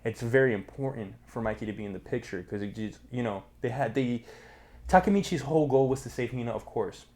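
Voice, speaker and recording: A young man hosting a casual manga review channel, talking in energetic slang with lots of fillers. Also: mid-range voice, brisk. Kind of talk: casual chat, recapping a manga.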